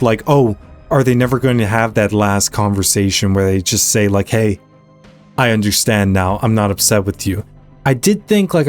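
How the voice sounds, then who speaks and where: A man's voice: medium pitch, darkish tone. A man hosting an anime reaction channel, earnestly retelling and commenting on a story, his voice rising in emphasis at the moving parts. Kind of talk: casual recap and commentary.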